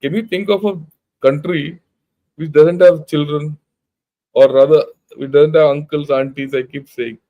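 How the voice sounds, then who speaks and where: This retired army general, an older man with an Indian English accent, speaks at a measured pace in a steady, slightly high voice. The recording is muffled. His informal lecture is emphatic and blunt, full of rhetorical questions.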